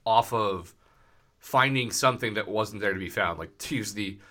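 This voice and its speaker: A man's voice: lowish voice, moderate pace, sharp tone. A man co-hosting a podcast, rambling through casual political chat in a sardonic way with many restarts. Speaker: podcast co-host.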